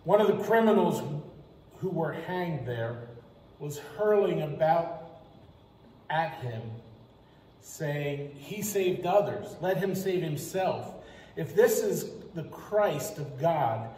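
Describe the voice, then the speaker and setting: A man, preaching as pastor, reads scripture in an unhurried, deliberate way. His tone is soft and a little high. A long church-hall echo trails each phrase, with faint noise under it. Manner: slow, deliberate scripture reading. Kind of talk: Good Friday sermon. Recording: echoey church hall reverb.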